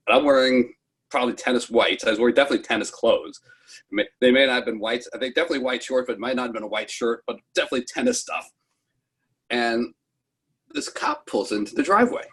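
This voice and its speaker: A man's voice: medium pitch, expressive, fast, a bit bright, husky. A man in his sixties from New York, telling a personal story over a video call in a rambling, self-correcting way, acting out the voices he quotes. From New York, United States. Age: 60s. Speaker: interviewee. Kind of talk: casual storytelling.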